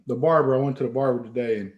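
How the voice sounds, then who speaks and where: A man's voice: medium pitch, fairly even intonation, rapid-fire, echoey room, lo-fi sound. A man hosting a casual late-night livestream, laid-back and profane, laughing often. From Texas. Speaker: livestream host.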